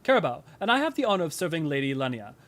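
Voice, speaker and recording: A man's voice: on the high side, very animated, racing, fairly bright tone. A man voicing an eager, helpful male camp worker in a game who chats cheerfully while handing out a task. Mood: friendly.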